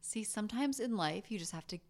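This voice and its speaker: A woman co-host in casual chat, reacting to a story with quick jokes and exclamations. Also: mid-range voice, expressive, darkish tone. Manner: reactive, joking interjections.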